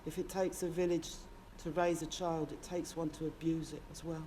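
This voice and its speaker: A deep, warm, level-toned female voice at a moderate pace carries this lightly acted comic monologue to camera. The woman plays a loud, sweary working-class man from London, ranting with rambling passion in a London accent. A little hiss or hum sits under the audio.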